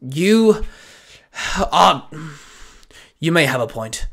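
A man voicing a gruff, stern male fire captain who barks commands. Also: on the high side, expressive, measured pace. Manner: barking, commanding.

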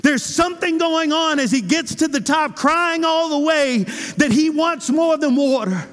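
A male pastor preaching a sermon with passion, moving between loud cries and hushed, intimate lines. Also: extremely high pitch, unhurried. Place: church sanctuary. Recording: church hall with long reverb.

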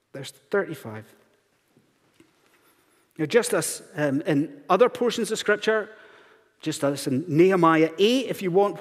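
A man's voice: fairly high pitch, breathy edge. A man preaching a sermon in a church, asking the congregation one earnest rhetorical question after another. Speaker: pastor. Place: church sanctuary. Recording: long hall reverb in church.

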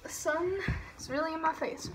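A woman's voice: extremely high pitch, moderate pace, noisy background. A teenage girl rambling through an unboxing in a giddy, self-conscious way, apologizing for how she sounds. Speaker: vlogger. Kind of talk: casual unboxing vlog.

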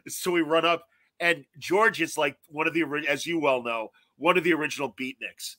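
A man's voice: on the high side, fairly quick, dry recording. A man in his fifties, a guest telling stories in casual chat and acting out quotes. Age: 50s. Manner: animated storyteller acting out quotes.

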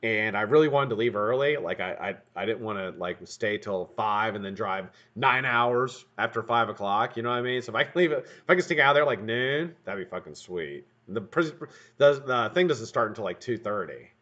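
Man, live-stream host, casual profane chatter, lively swinging pitch, dull lo-fi audio. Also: normal speed. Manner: rambling, profane, joking asides to chat. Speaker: livestream host building vape coils. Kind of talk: casual live-stream chat while working. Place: home workshop room.

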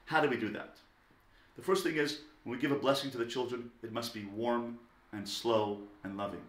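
A man giving a lecture on parenting, talking emphatically and swinging between loud stressed words and soft low asides. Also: fairly even intonation, normal speed. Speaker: parenting teacher. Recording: echoey room.

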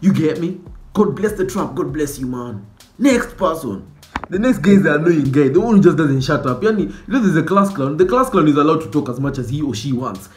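A man doing a comic monologue about school types, animated and mock-outraged, dropping Swahili slang. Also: on the high side, a little fast, roomy sound. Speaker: comedy sketch creator. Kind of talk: comedic monologue with skits.

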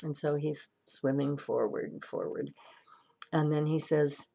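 Low, gravelly woman minister. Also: fairly even intonation, a little slow, mellow. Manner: conversational storytelling with restarts. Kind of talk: sermon.

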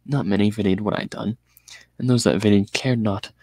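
A man reading a novel aloud in the first person, in a measured, dramatic way. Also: lowish voice, fairly even intonation, a little mellow, slightly rough, dry recording. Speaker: audiobook reader.

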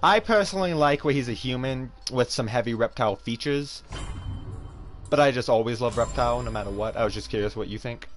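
A man streaming a fighting game, chatting casually with his viewers and often trailing off into quiet mumbles. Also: mid-range voice, a little fast, faint music behind. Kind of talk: casual gaming stream chat.

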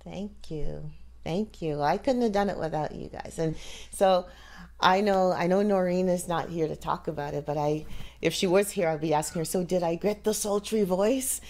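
A woman hosting a casual chat, talkative and quick to laugh. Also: on the low side, a little mellow. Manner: chatty, laughs easily. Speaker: host.

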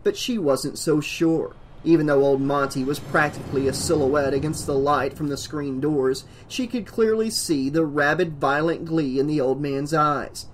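A man narrates a horror novel in a scripted audiobook read. His voice sits on the high side, and he leans hard into the dramatic beats. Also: moderate pace, hardly any pauses, slight background noise.

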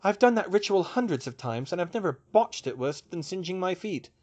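A man voicing a quick-minded young witch who reasons things out aloud in a raised, lighter voice. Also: high voice, sing-song, darkish tone, pitched above the performer's own voice. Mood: analytical.

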